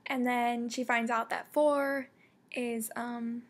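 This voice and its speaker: Young woman gushing about a book, husky voice, kinda high, lots of um and like. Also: slow. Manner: excitable, many fillers and restarts. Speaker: book vlogger. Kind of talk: casual book review.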